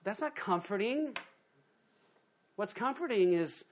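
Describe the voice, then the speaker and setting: Male pastor delivering a lively sermon, slightly higher voice, punches key lines and drops low for asides. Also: moderate pace. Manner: animated, swings from loud emphasis to quiet asides, acts out quoted voices.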